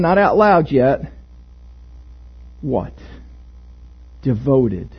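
Man, pastor, interactive sermon, husky voice, joking, dull church recording. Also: extremely high pitch. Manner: conversational, joking, asks the congregation questions. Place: church sanctuary.

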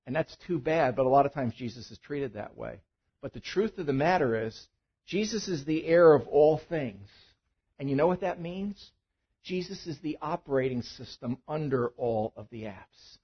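A male pastor preaching a sermon, swinging between loud emphatic bursts and quiet asides. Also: on the high side, lively intonation, normal speed, husky, dull audio. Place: church.

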